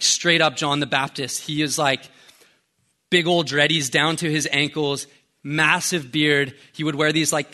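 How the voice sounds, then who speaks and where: A young adult male pastor giving a conversational sermon, animated and storytelling with casual slang. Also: on the high side.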